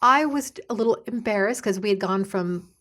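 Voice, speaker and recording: A woman co-hosting a podcast, chatting in a soft-spoken, good-humored way. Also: mid-range voice, a little fast. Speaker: podcast co-host. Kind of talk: casual chat.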